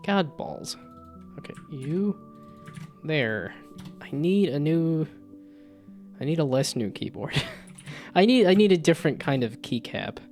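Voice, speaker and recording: This VTuber game developer has a gravelly, slightly high, somewhat mellow voice with a sing-song, slow delivery and frequent pauses. Coding on a live stream, he thinks aloud, mutters to himself, and drops playful asides in casual chat. Guitar music runs beneath the stream, and his desk microphone catches loud keyboard clicks.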